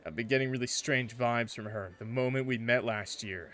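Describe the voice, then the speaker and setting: A man's voice: normal speed, fairly bright tone, natural voice. Justin, a man doing a purring smug flirt. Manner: low, purring, teasing delivery. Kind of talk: reading visual novel dialogue aloud.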